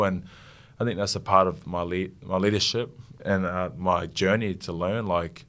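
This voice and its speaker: A young Australian man, a rugby league captain, talking earnestly and haltingly in an interview, getting emotional. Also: low-pitched, steady tone, a bit bright. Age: young adult. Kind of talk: casual interview.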